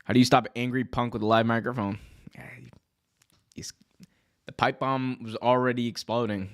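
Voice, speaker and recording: A man hosting a wrestling podcast, chatting casually with excitable, joking reactions and lots of slang. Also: mid-range voice, normal speed. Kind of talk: casual livestream commentary.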